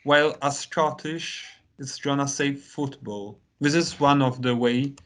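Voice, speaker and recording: A man whose first language is Italian, teaching an English lesson in a relaxed conversational way with lots of fillers. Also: mid-range voice. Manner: unhurried, many "you know" fillers.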